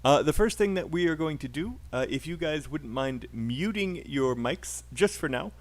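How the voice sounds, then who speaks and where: A man's voice: a little high, lively intonation, moderate pace. Upbeat British man teaching live. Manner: upbeat, encouraging, chatty with fillers. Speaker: English teacher. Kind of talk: live online class.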